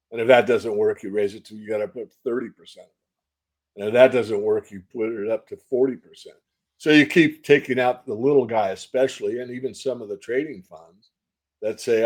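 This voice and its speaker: A man's voice: fairly low pitch, darkish tone. A man as an interview guest, speaking emphatically and posing rhetorical questions. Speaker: guest analyst. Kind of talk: interview answers.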